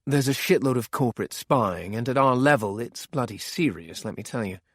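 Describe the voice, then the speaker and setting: A man's voice: mid-range voice, animated, moderate pace, fairly bright tone, no room sound, studio quality. A man playing a jovial, teasing crime boss. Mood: blunt. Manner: cheerful, teasing banter. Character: jovial male crime boss, mocking and sly.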